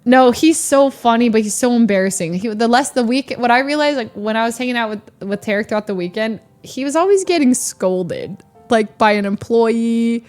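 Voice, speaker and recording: A young woman streamer in casual storytelling chat, animated, laughing often and acting out the people she quotes. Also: a little high, normal speed, few pauses, soft background music.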